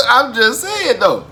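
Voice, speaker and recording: A man's voice: very high voice, pushed and bright, a little hiss or hum. A man hosting a reaction video in casual, slangy commentary, laughing often. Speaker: reaction channel host.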